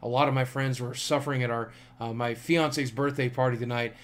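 A tired man who is coming down with a cold chats casually as he reads his fan mail and thanks his viewers, pausing often with fillers. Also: medium pitch, fairly even intonation. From United States. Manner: warm, thankful, chatty with filler pauses. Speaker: YouTuber reading fan mail. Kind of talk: casual vlog chat.

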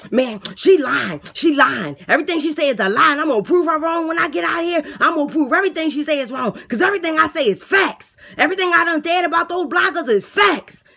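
A woman voicing a delusional, boastful male inmate blogger who talks with a lisp, loud and defensive. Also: sits high, lively intonation, fast talker, vocal fry, few pauses, voice pushed up, heavily acted. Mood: outraged. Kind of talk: comedy skit character voice.

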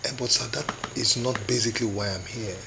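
A man's voice: medium pitch, fairly quick, vocal fry, noisy background, close to an everyday voice. A man with a Nigerian accent playing a respectful young suitor pleading with his bride's parents.

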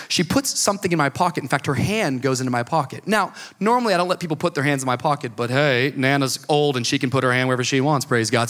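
A man preaching a lively storytelling sermon to young people, humorous and emphatic. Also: a little high. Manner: energetic, humorous, rising to emphatic calls. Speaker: youth preacher.

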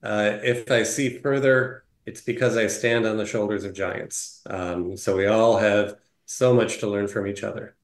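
A man's voice: fairly low pitch, steady tone, unhurried, hardly any pauses. A man speaking as an interview guest, earnest and hesitant, with many fillers. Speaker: guest, tech executive. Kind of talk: casual interview conversation. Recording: roomy echo.

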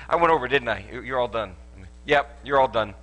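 A man preaching a sermon at a church service, animated and joking as he tells stories. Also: mid-range voice, brisk. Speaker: pastor.

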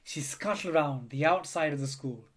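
A man reading a children's picture book aloud in an expressive storytelling manner. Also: on the high side, moderate pace. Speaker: storybook reader.

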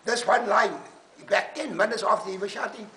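A South African man in his sixties, a rugby supporter telling stories in a loud, booming, excitable way. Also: normal speed, reverberant. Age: 60s. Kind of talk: animated storytelling.

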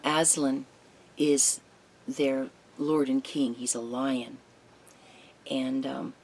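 Bible study teacher telling a story, animated then hushed, mid pitch. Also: slightly rough. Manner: animated storytelling that drops to a hushed, near-whispered tone.

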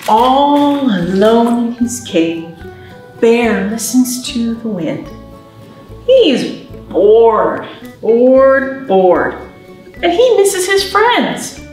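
Speaking extremely slowly, the children's librarian uses a fairly high, slightly mellow voice with big pitch swings, reading a picture book and teaching signs to babies and parents in a sing-song way. Soft music plays in the roomy library, whose strong echo reaches the far-off mic.

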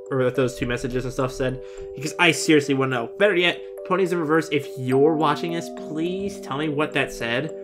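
A man's voice: on the high side, vocal fry. A man hosting a casual video reaction, chatty and openly emotional, who exclaims and swears often. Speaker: reaction channel host.

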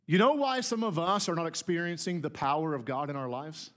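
A man's voice: on the high side, brisk, fairly bright tone. A man pastor preaching a conversational, emphatic sermon to his church. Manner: conversational, emphatic, repeats words when starting a phrase. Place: church sanctuary.

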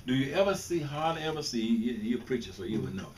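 A man's voice: medium pitch, animated, fast. An older man from Mississippi, talking bluntly and informally to students, often restarting and repeating his words. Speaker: guest speaker. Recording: distant mic with faint background noise.

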